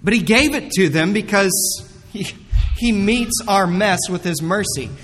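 A pastor with a high voice preaches slowly and earnestly, leaning hard on key words. His sermon rings out through a hall with a long reverb. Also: animated, fairly bright tone, slight background noise. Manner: earnest, emphatic preaching with dramatic retellings.

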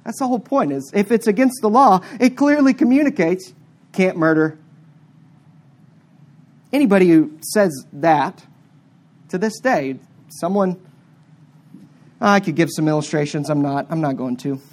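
A preacher giving a sermon, stressing words hard and then dropping to quiet asides. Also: medium pitch, measured pace, long pauses. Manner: emphatic, with sharp swings between loud stressed words and quiet asides.

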